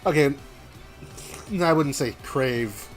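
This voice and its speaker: A man's voice: mid-range voice, lively intonation, slow, faint music behind. A young man chatting casually on a game development stream, teasing and joking with his co-host.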